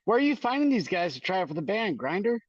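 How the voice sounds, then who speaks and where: A man's voice: sits high, very animated, fast talker, no room sound. A man who is a guest musician on a podcast, chatting in a laid-back way and saying "dude" all the time. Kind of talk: casual podcast chat. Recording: dull, lo-fi, dry sound.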